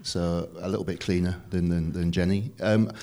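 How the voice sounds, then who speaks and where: Easygoing northern English man, deep voice. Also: fairly even intonation, moderate pace, dark tone. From northern England. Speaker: museum venue staff. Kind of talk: casual chat.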